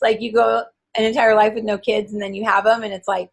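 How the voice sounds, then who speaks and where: Breathy, animated woman full of fillers. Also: mid-range voice, brisk, few pauses, rough recording. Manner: animated and enthusiastic, many filler words. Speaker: interview guest, author. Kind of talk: casual interview chat.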